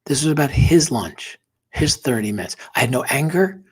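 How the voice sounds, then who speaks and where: As a podcast guest, a man tells a personal story in an interview, earnest and emotional, dropping to a near-whisper at the most tender points. His husky, slightly breathy voice sits in an ordinary middle range, with lively intonation at normal speed.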